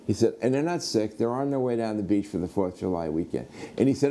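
A middle-aged American man preaches through a personal anecdote. His voice sits low and mellow, and his delivery stays animated as he acts out the other people in the story. A faint hiss of background noise runs underneath. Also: fast talker. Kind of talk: sermon storytelling.

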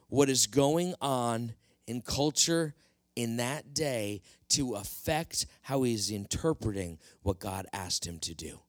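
Slow-speaking earnest male pastor. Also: medium pitch, expressive, no room sound. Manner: earnest, explanatory, addresses congregation. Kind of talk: sermon.

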